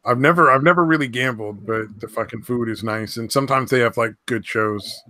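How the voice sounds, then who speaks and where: A man from near San Francisco talks in a loose, rambling, profane way as a podcast co-host. His voice has a bright, forward edge, and it sounds dry and close on the mic. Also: mid-range voice, a little fast, dry recording. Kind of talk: casual crude chat.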